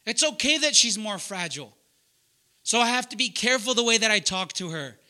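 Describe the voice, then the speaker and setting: Young adult pastor guy, real loud and punchy, high bright voice, keeps quizzing the room. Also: animated, fairly quick. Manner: loud, emphatic, asks the room questions. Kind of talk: sermon.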